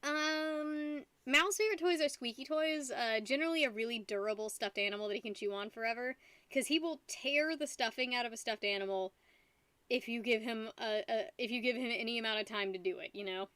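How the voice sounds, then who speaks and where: Tipsy young woman, bright voice. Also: fairly high pitch, fairly quick, no room sound. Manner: rambling, giggly, talks to her dog. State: tipsy from wine. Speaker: streamer. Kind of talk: casual live-stream chat.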